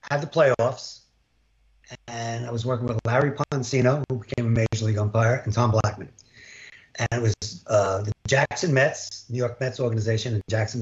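A man's voice: medium pitch, dull audio. An older man, a former baseball umpire, animatedly tells an anecdote over a video call and acts out the dialogue. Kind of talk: storytelling in an interview.

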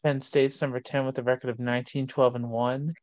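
A man, hosting a casual sports show and reading long lists of college rankings in a steady way. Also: mid-range voice, brisk, no room sound.

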